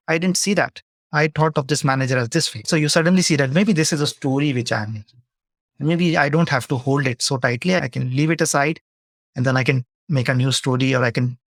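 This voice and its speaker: A man's voice: mid-range voice, a bit bright, no echo, clean studio sound. A man speaking as a leadership coach, answering audience questions in a webinar and explaining his points through example dialogues.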